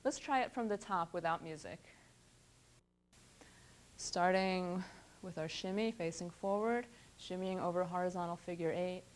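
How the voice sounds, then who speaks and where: A woman's voice: fairly low pitch, normal speed, pauses often, background noise. A woman dance instructor giving step-by-step directions and calling out the counts in short cues.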